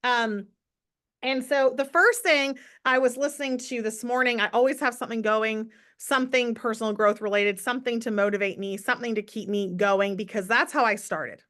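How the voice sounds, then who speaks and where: An energetic woman speaks on a live morning call for her sales team. Her voice sits a little high and rings bright and forceful. She chats with viewers and hammers home her points by repeating them. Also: moderate pace. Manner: upbeat and enthusiastic, chatting to viewers in comments; emphatic repetition for motivation. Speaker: network marketing team leader.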